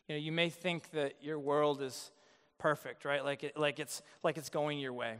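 A man's voice: fairly high pitch, level tone, moderate pace, a bit bright, smooth, long reverb tail. A male pastor preaching a sermon in a casual, joking way, acting out the quotes in his story. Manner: conversational, joking, acts out quotes.

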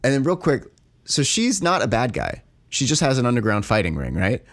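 A man co-hosting a podcast, talking in an animated, exasperated way and filling his speech with "like". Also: mid-range voice, a little fast. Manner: animated, exasperated critique with frequent "like". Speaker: podcast co-host. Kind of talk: casual chat.

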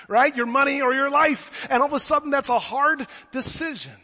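A man preaching a sermon as pastor, an animated storyteller who slips in jokes. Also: very high voice, moderate pace, in a large hall. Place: church.

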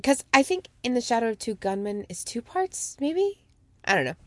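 A woman co-hosting a casual chat about a TV show, swinging into high mock quotes of dialogue. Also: sing-song, normal speed, fairly bright tone, no echo. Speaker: podcast co-host.

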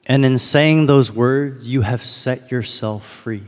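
A man's voice: medium pitch, slow. A man giving a sermon as a pastor, in a casual storytelling manner that leans on rhetorical questions. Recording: long hall reverb.

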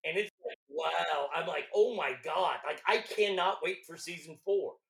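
A man from Texas with a Texas accent, a longtime radio host chatting loudly on a podcast, swearing and stumbling over restarts. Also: fairly high pitch, moderate pace, creaky, roomy sound. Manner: loud, profane, stammering restarts. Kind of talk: casual podcast chat.

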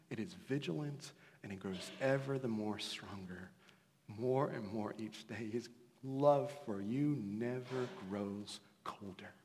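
A man preaching a sermon in a conversational way, with laughing asides, swinging from loud storytelling to hushed, intimate lines. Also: mid-range voice, gravelly. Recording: long hall reverb.

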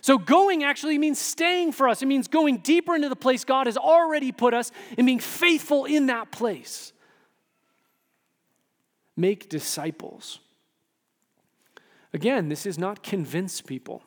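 A man pastor giving an animated sermon, often asking the room "right?" and acting out quotes. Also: very high-pitched, a little slow, pauses often. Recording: long hall reverb.

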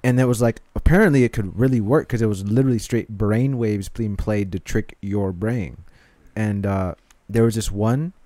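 A young man in casual chat, telling a rambling, excitable story. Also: fairly low pitch, normal speed, no echo.

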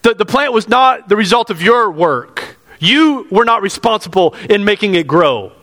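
A man's voice: sits high, very animated, normal speed, fairly bright tone. A pastor preaching a sermon in earnest, repeating his phrases and asking the congregation questions. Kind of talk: expository sermon. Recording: long hall reverb.

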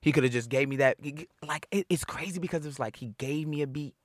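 A young adult man, a rapper, chatting casually in an interview, animated and slangy, acting out other people's voices as he tells stories. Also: on the high side, fast, no echo, studio quality. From Seattle area. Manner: animated storyteller who acts out quoted voices, heavy slang and profanity.

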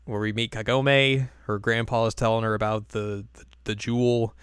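A woman's voice: a bass voice, flat delivery, normal speed, smooth, no echo, studio quality. A woman co-hosting a casual podcast, recapping an anime episode and acting out the characters in silly voices. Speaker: podcast co-host.

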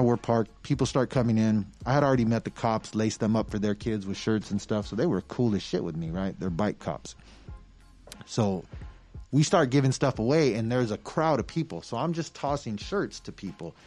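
A man telling a story in a casual chat, swearing freely and acting out the quotes. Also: on the low side. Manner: profane, animated storyteller who acts out quotes.

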